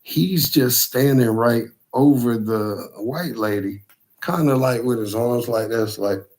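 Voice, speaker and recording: Husky guy ranting through a crazy story, swearing a lot, mid-pitched. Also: slow pace. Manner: profane, animated retelling of a scary night. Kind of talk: casual storytelling.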